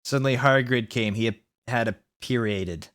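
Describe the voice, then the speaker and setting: A man reading a bad story aloud for laughs, deadpan with mocking asides. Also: mid-range voice, moderate pace, clear, resonant tone. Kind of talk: comedic dramatic reading.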